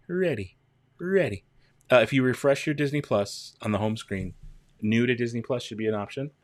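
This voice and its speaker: A man's voice: fairly low pitch, no room sound. A man hosting a casual livestream, chatting with viewers, greeting them by name and counting down. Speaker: livestream host.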